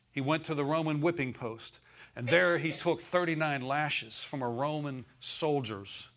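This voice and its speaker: A man delivering a sermon in an easy, conversational manner, pitched in a comfortable middle range. He mixes homespun humor with earnest repetition and keeps drawing the congregation in with quick calls for an amen. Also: fairly bright tone. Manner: conversational preaching, asks congregation for amens; folksy humor, repeats phrases for emphasis. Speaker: pastor.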